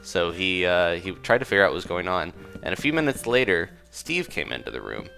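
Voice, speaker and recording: A man's voice: low voice, very animated, fairly quick, vocal fry, sharp tone. A man casually improvising a story over gameplay, rambling with fillers and side comments. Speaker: gaming video creator. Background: faint music.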